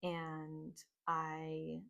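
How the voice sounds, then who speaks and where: A woman's voice: deep voice, monotone, extremely slow, creaky, a bit bright. A woman telling a personal story in a casual, rambling way, with plenty of "like". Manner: casual, rambling, heavy use of "like". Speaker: podcast host.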